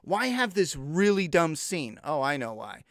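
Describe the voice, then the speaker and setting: A man's voice: on the high side, big pitch swings, unhurried, fairly bright tone, no echo, studio quality. A young man reviewing a TV episode in an exasperated, incredulous rant, swearing freely. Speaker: TV show reviewer. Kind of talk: casual profane review rant.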